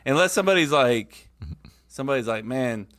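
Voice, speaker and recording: A man's voice: medium pitch, lively intonation, brisk, fairly bright tone, no room sound. Joking young man hosting, dry sound. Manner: joking, self-mocking, laughs often. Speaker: podcast host. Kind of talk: casual podcast chat.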